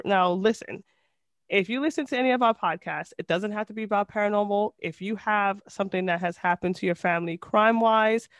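A woman's voice: medium pitch, dry recording. A woman co-hosting a podcast with an accent, chatting casually and rambling with giggles. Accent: non-native English accent. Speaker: podcast co-host. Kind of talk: casual chat.

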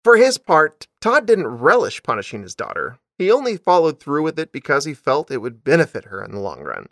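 A man's voice: a little high, wildly swooping pitch, a little fast, fairly bright tone, no echo, clean studio sound. A man hosting a comedy podcast, reading a story with dramatic emphasis and stopping to joke.

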